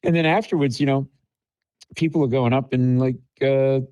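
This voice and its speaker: A man's voice: mid-range voice, moderate pace, smooth, no room sound, rough recording. A man, a comedian, telling stories on a podcast and acting out the dialogue in them. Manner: animated storyteller, acts out dialogue. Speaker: comedian guest. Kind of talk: storytelling podcast chat.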